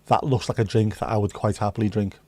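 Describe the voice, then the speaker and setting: Serving virtual drinks on a casual livestream, a man trades cheeky banter with his viewers and swears without restraint in casual chat. He talks fast in a lowish, steady, somewhat dark voice, with no echo.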